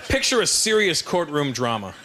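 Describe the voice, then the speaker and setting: High-voiced male comic, brash conversational stand-up, loud crowd behind. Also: very animated, normal speed. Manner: brash, conversational, punchy delivery. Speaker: stand-up comedian. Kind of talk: stand-up comedy routine. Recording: live stage recording with loud crowd noise.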